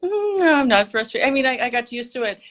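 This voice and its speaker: A woman's voice: high-pitched, sing-song, fast, a bit bright. A woman from Russia, a native Russian speaker with a near-American accent, chatting as a livestream guest and explaining with examples. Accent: near-American English, Russian-born. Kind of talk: casual livestream interview.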